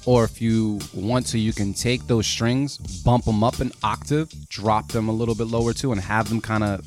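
A man co-hosting a podcast, giving frank, relaxed feedback on beats with plenty of fillers. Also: lowish voice, moderate pace, soft background music. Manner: laid-back, frank critique with fillers. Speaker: podcast co-host reviewing beats. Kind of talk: casual chat.

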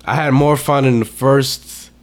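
A man co-hosting a podcast with a hoarse, sick voice, chatting about movies in a laid-back way. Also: medium pitch, steady tone, a little slow. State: hoarse from illness. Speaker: podcast co-host. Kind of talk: casual movie chat.

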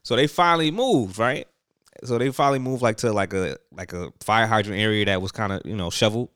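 A man's voice: fairly low pitch, brisk, fairly bright tone, clear, resonant tone, no echo, studio quality. A young man hosting a podcast, telling stories in casual chat, loose and full of slang and fillers. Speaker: podcast host.

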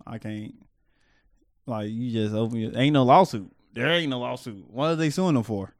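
A man's voice: medium pitch, a little fast, a little mellow, no echo, clean studio sound. A man co-hosting a podcast, blunt and joking with profanity. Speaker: podcast co-host. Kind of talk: casual chat.

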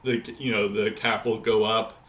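A man's voice: on the low side, level tone, moderate pace, a bit bright, reverberant. A man co-hosting a casual podcast chat, rambling with many fillers and restarts. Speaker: podcast co-host.

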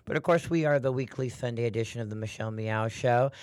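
A man hosting a radio talk show, chatting in a flamboyant, breezy way with a hoarse, throaty voice strained from performing. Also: mid-range voice, quick pace, darkish tone, no room sound. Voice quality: throaty, husky. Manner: flamboyant, chatty, calls listeners honey and doll.

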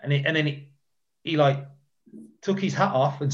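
A man's voice: a little high, moderate pace. Rambling man on a dull recording. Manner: rambling, repeats himself, fills with "like". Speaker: guest and former footballer. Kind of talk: casual storytelling chat.

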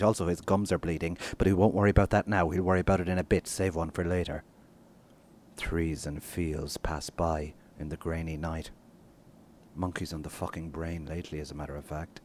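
A man with a very low voice reads from his own novel. His reading is expressive, dropping to near-whispers and then leaping up, with faint ambient noise in the background. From Ireland. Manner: expressive reading, swings from hushed to bursts. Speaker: guest author.

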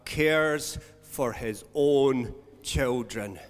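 A man preaching a sermon as pastor, earnest, swinging between loud stressed words and soft, slowed emphasis. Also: medium pitch. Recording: long hall reverb.

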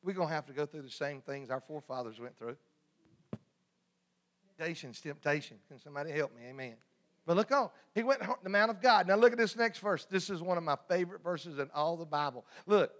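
A man's voice: fairly high pitch, brisk, a bit bright. A man preaching a sermon in a folksy, humorous call-and-response style.

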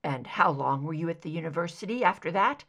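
A woman's voice: deep voice, animated, brisk, fairly bright tone, voice pushed down, full character voice. A woman reading aloud, voicing a tense adult male FBI agent with clipped, tight questions. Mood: terse.

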